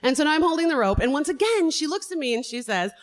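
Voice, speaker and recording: A woman with a slightly high voice tells a personal story live, full of energy. She laughs and swears along the way and keeps the telling lively. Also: quick pace. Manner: animated, swearing, laughing through her story.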